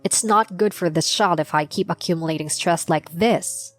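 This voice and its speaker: A young adult woman narrating her own story as a mother, in a plain, steady confessional tone. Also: on the low side, normal speed. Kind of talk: first-person storytelling. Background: faint music.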